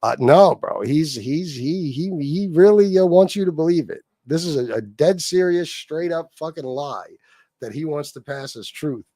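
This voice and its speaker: Laughing frequently and cursing freely, this livestream host, whose roots are Sicilian, mocks and rants at someone. He sounds animated and warm, pitched fairly high, and speaks at normal speed. The audio has no room sound.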